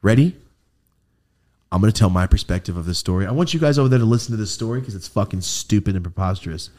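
A young podcast host speaks quickly in a fairly low-pitched man's voice, telling a story in casual chat. He's animated and profane, swearing freely and acting out the voices of the people he quotes.

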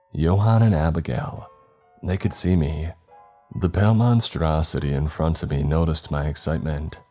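A man narrating a scary story in a measured, dramatic way, with faint music behind. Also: extremely low pitch, dark tone. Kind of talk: scripted horror narration.

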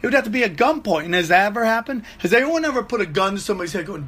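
A man in his forties hosting a podcast, telling a profane, animated comic story on his own. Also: high-pitched, quick pace, slightly rough. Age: 40s. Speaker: comedian podcast host. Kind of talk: solo comedic rant.

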